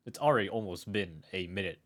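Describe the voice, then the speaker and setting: A man's voice: low-pitched, fast, a bit bright, slight background noise. Stammering young male game streamer. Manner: rambling, stammering, self-mocking. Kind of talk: casual live game commentary.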